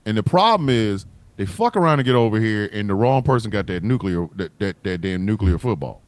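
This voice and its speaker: A man hosting a casual livestream chat, talking in an animated, profane way and riffing with comic voices. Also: on the low side, brisk. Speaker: host.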